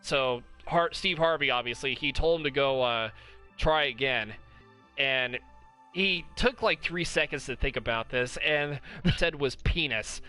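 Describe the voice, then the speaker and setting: A man's voice: mid-range voice, a little slow, pushed and bright, clean tone, faint music behind. A man hosting a casual podcast, retelling funny stories and laughing often as he talks. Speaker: podcast host.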